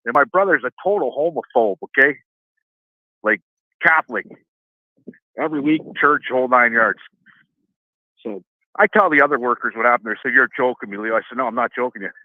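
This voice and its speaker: A middle-aged man calling in, telling a rambling, profane story and quoting others with lively voices. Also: medium pitch, a little fast, long pauses, no echo. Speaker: caller. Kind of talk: casual phone-in storytelling. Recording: tinny phone line.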